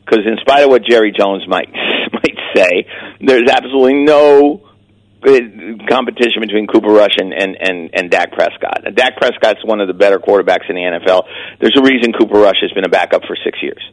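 A man's voice: fairly low pitch, brisk, rough recording. A man talking as a weekly guest on sports radio, in casual chat that stops and restarts often on repeated words.

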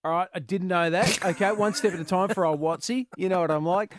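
A man's voice: high voice, fairly quick, noisy background. A man with an Australian accent hosting a radio show, joking and telling stories between callers. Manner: jokey, laughing storyteller. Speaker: radio host. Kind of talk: casual radio chat.

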